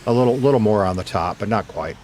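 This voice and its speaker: A man's voice: lowish voice, fast, a little mellow, slight background noise. A middle-aged man, a former radio DJ, casually chatting with viewers while streaming a game, laid-back and swearing now and then.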